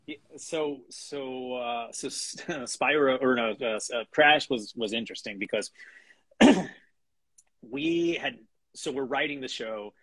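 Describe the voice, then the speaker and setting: A middle-aged man, a guest animation writer, chats casually in an interview with a mid-range, slightly bright voice at a measured pace and no room sound. His speech has many restarts, fillers and small chuckles.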